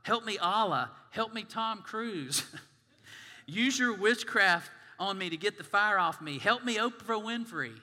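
A preacher puts on a frantic, comic racecar driver, yelling bright and drawn-out pleas for help. The voice echoes off a long church reverb. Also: male voice, sits high, expressive, voice pushed up, heavily acted. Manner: frantic, pleading.

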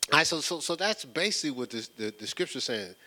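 A bright-voiced male preacher leads a Bible study as a conversational sermon, animated and building in excitement as he repeats words. His voice is a little high and quick, his phrasing casual, slangy, and street-style.

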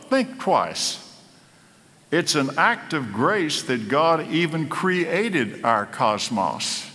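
A man preaching a sermon, slow and dramatic, building to emphatic peaks. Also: fairly high pitch, big pitch swings, sharp tone. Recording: echoey hall.

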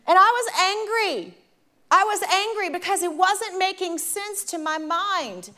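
A woman preaching, telling a personal story to the congregation in an animated, conversational way. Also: very high voice, moderate pace. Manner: animated, addresses the audience directly, conversational. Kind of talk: sermon storytelling.

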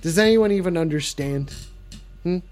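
A man's voice: a little high, normal speed, a little mellow, soft background music. A man hosting a live call-in show in a clumsy put-on French accent, playful and rambling.

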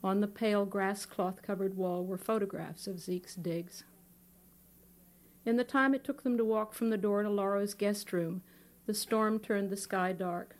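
A woman author reads her fiction aloud at a bookstore event, her voice at a plain middle pitch. She takes the lines in a measured, unhurried way. She speaks into a microphone. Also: fairly even intonation. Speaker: author reading her own work. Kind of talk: live fiction reading. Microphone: microphone on a stand.

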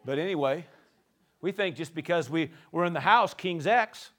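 A man preaching a sermon in an animated, playful way, swinging from soft asides to shouting. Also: a little high, normal speed. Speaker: pastor.

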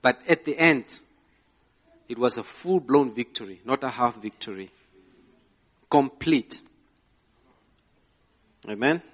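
A man's voice: mid-range voice, animated, slow pace, long pauses, a bit bright. A man preaching a sermon to a congregation, emphatic, often asking "yeah?" and laughing between phrases. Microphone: slides shown, speaking to a live congregation.

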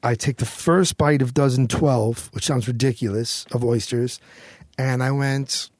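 A middle-aged American man telling a story as a guest in an interview, animated and quick to act out what others said. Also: medium pitch, no room sound. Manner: animated storyteller, acts out quotes, swears freely.

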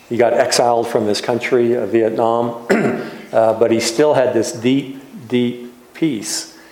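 A man, a pastor, giving a reflective sermon in a gentle, unhurried way with soft trailing pauses. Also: medium pitch. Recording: echoey room.

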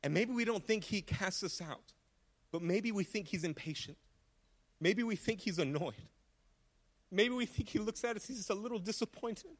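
A man's voice: sits high, normal speed. A man preaching a sermon in a church, earnest and impassioned, often restarting his words. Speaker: pastor. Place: church sanctuary.

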